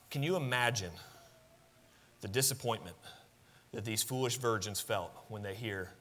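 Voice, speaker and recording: A man's voice: on the low side, normal speed, bright, forceful tone, big-room sound. A man preaching a sermon, talking conversationally, asking the congregation questions and building to emphatic peaks. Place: church sanctuary.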